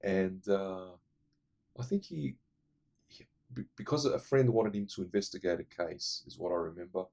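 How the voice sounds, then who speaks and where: Man, gravelly, raspy, rambling, enthusiastic, casual film talk. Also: sits low, moderate pace, darkish tone. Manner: rambling, enthusiastic, many fillers. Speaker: movie reviewer. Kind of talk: casual movie recommendations.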